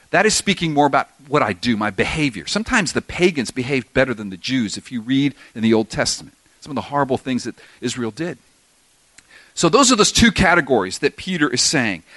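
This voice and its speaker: A man's voice: a little high, fairly bright tone, no room sound. A man preaching a verse-by-verse sermon, emphatic and full of rhetorical questions to his listeners. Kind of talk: expository sermon.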